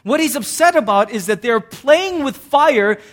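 High-voiced guy pastor preaching, chatty then suddenly punchy and loud. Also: measured pace. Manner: animated, conversational preaching with sudden bursts of emphasis. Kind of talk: sermon.

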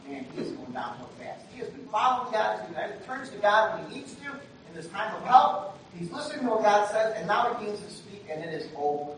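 This pastor's sermon, caught distantly in a very echoey hall with faint noise, alternates soft conversational asides with loud, emphatic bursts. His high-pitched voice is very animated and slightly fast.

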